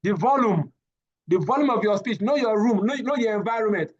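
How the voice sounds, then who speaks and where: A man, giving a live safety training lecture, animated and often repeating his words as he addresses the class. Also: high voice, brisk, dull audio.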